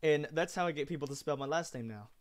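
A man's voice: fairly high pitch, fast. Chatty cursing guy streaming a game. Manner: loose, swears freely, jumps between story and game. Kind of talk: casual chat while gaming.

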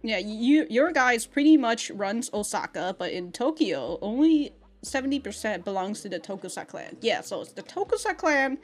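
A woman's voice: a little high, sing-song, normal speed. A woman hosting an anime reaction, chatting casually, laughing often and swearing as she acts out the characters' lines. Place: in Japan.

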